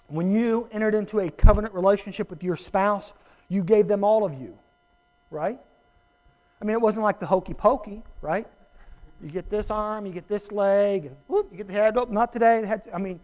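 A man's voice: high-pitched, moderate pace, darkish tone, lo-fi sound. A man preaching a sermon as pastor, emphatic and earnest with humorous asides to his congregation.

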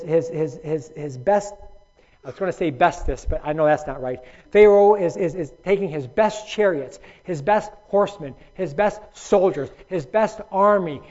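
A man's voice: sits high, a little mellow. A man teaching a Bible study, reading scripture aloud and speaking emphatically to his listeners by name. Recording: dull lo-fi recording.

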